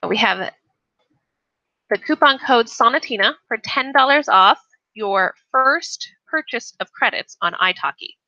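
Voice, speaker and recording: A woman's voice: a little high, lively intonation, a little slow, pushed and bright, no room sound, lo-fi sound. A woman teaching English on a casual live stream, chatting and reading the chat aloud, often restarting her sentences.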